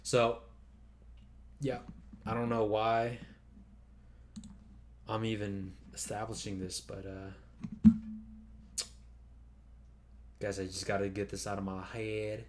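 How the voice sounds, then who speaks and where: A man's voice: lowish voice, flat delivery, slow pace, long pauses, slight background noise. A man vlogging in a loose, rambling monologue, swearing casually and padding with fillers and restarts.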